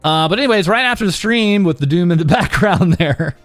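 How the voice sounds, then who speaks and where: A man's voice: high voice, expressive, brisk, no echo, soft background music. A man casually commenting over clips as host of a news show, rambling with many uhs. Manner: rambling, full of uhs and laughs.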